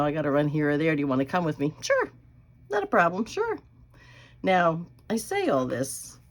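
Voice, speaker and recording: A woman, chatting folksily about her family while crafting, with soft laughs and quiet asides. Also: low voice, a little hiss or hum. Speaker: craft channel host. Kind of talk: casual chat while crafting.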